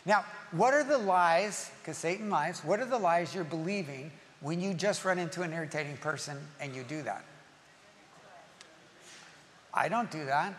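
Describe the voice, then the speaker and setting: A man preaching a sermon to a congregation, lively and playful, acting out quoted voices. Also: a little high, fairly quick, few pauses. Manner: animated, acts out quoted voices and jokes with the congregation. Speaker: pastor. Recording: long reverb of a large hall, faint ambience.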